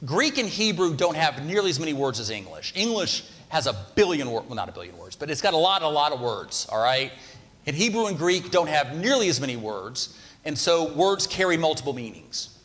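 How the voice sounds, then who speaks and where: A man's voice: fairly high pitch, big pitch swings, fairly quick, a bit bright. A man preaching a sermon in a church, talking conversationally and putting questions to the congregation. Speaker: pastor. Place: church sanctuary. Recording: long hall reverb.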